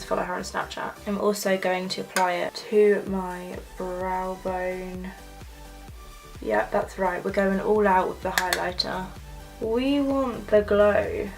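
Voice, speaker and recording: A young woman gushing excitedly while talking through a makeup tutorial. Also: mid-range voice, creaky. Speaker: makeup vlogger. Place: home filming setup with ring light.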